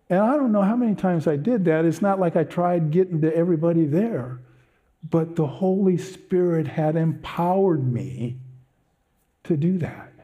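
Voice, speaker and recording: Animated storytelling man, mellow voice. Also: fairly high pitch. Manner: animated storytelling, self-mocking humor. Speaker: pastor. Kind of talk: personal testimony from the pulpit.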